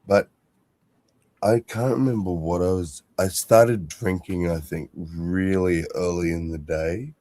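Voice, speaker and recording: Deep, slow-talking man. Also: steady tone, mellow. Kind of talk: casual conversation.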